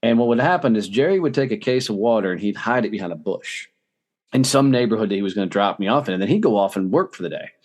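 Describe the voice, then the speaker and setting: A man being interviewed as a podcast guest, telling blunt, profane stories in a fast, lively, casual way. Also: fairly low pitch. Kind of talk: casual storytelling.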